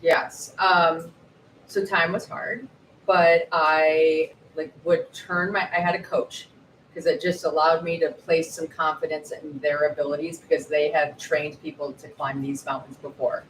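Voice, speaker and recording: A woman in her forties, an author guest, telling her story in a lively way at a live book event, acting out quotes. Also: sits low, unhurried. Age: 40s. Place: bookshop event space. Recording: roomy echo, distant mic, faint noise.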